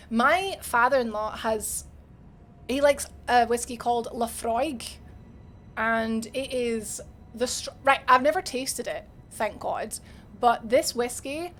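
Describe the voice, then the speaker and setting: A woman's voice: a little high, fairly bright tone. A young Scottish woman streaming a game, chatting casually with her chat and laughing often. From Scotland.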